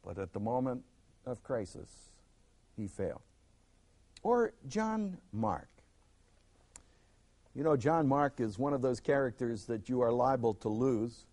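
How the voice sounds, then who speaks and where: A man teaching a Bible lesson, dramatic, swinging from loud emphasis to a near hush and acting out the people in the stories. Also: medium pitch, expressive, unhurried, long pauses. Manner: acts out quoted speakers in the stories.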